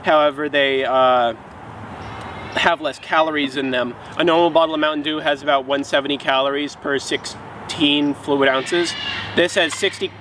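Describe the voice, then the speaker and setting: A man rambles sarcastically through a drink review vlog and mock-scolds his viewers. His voice sits a bit high. Clear traffic noise runs under the outdoor recording. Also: fairly even intonation, normal speed, fairly bright tone, rough recording.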